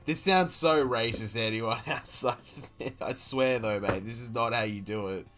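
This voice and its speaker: An Australian man rants through a video he is watching, cursing and sounding disbelieving the whole way. His pitch sits in an everyday middle range. Faint music plays quietly behind him. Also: moderate pace. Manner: exasperated, sweary, incredulous. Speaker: streamer reacting to a video. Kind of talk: profane running commentary.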